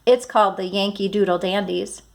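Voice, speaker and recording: A woman voicing a cheerful, sporty older woman neighbor in a storybook read-aloud, speaking slowly and emphatically. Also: mid-range voice, steady tone, vocal fry, lightly acted. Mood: reassuring.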